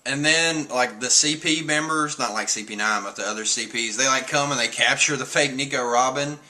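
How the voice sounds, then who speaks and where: A man recaps a comic chapter for his stream in loose, rambling chat, chuckling as he goes and dropping casual swears. His voice sits at an ordinary pitch for a man but has a very bright, sharp edge. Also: moderate pace.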